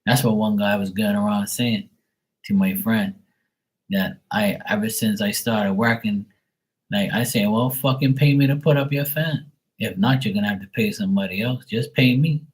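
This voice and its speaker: A man's voice: fairly low pitch, normal speed, poor audio. A man chatting casually on a live tarot stream, blunt and swearing freely. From Bermuda.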